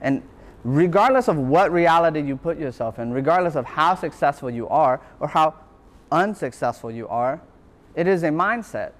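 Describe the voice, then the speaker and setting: A man's voice: fairly high pitch, expressive, normal speed. A man, a university lecturer, giving a motivational talk and telling his own story in an earnest, reflective way, repeating phrases for emphasis.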